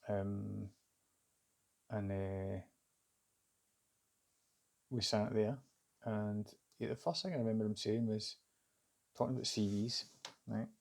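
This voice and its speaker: Gravelly low-voiced Scottish man telling a story. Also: steady tone, takes it slowly, pauses often. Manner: rambling and hesitant, with many fillers and restarts. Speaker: vlogger recounting a job interview. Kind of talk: casual spoken storytelling.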